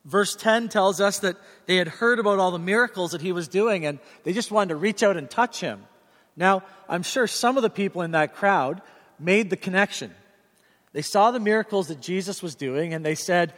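Earnest and direct, a middle-aged man delivers a sermon as pastor, animating the stories he tells. His voice is high-pitched and a bit bright, moving at a moderate pace through a reverberant hall.

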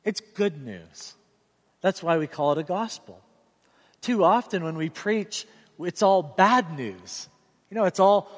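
A middle-aged pastor preaches at a measured pace, his high, expressive voice earnest and direct. He tells his stories with animation, and the recording has a reverberant hall sound.

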